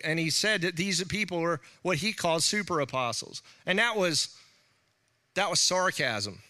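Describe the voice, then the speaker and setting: A middle-aged man preaching a sermon, talking in an animated way with laughing asides and quoted voices. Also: sits high. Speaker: pastor.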